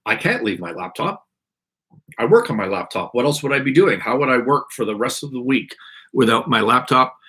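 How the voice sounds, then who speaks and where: A man's voice: medium pitch, animated, fairly quick, pushed and bright, slightly rough. A man hosting a live stream, telling a complaint story in an exasperated, rambling way while his throat keeps catching. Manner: exasperated, rambling ranting with restarts. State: irritated throat, clearing it often. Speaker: podcast host.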